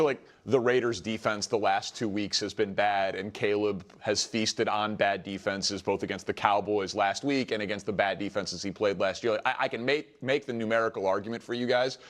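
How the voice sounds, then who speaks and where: A man's voice: lowish voice, a bit bright. A sports talk co-host making his case in casual debate, upbeat and eager.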